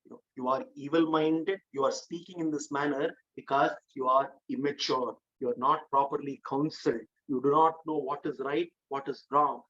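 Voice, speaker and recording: A man's voice: medium pitch, steady tone, moderate pace, hardly any pauses, fairly bright tone, highs cut off, natural voice. A man voicing a wise royal counselor who admonishes and pleads earnestly. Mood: admonishing. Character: stern wise middle-aged male royal counselor.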